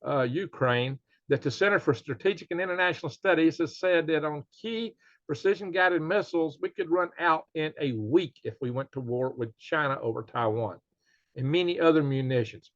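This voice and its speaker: A man's voice: fairly high pitch, moderate pace, no echo. A man hosting his own channel, talking in a rambling, folksy way with lots of fillers and little chuckles. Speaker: channel host. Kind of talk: casual commentary. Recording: dry, slightly dull lo-fi sound.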